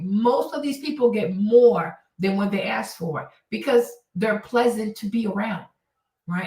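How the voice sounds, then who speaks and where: A woman's voice: mid-range voice, distant mic. A woman host giving casual, blunt advice in an emphatic monologue, repeating her points and swearing freely. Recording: roomy sound from off-mic.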